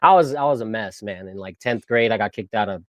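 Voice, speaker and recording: A man's voice: on the low side, fairly quick, no echo. A young man telling stories in a casual, slangy way and laughing often. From San Diego area. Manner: laid-back slangy storyteller, laughs often, mimics voices. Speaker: guest. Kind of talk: casual storytelling.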